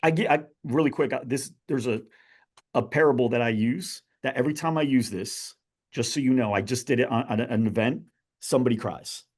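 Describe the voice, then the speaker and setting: A man guesting on a podcast, telling a parable in an animated way and asking his listeners questions. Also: medium pitch, fairly quick. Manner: animated storyteller who addresses his listeners directly. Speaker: guest, business author. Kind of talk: podcast storytelling.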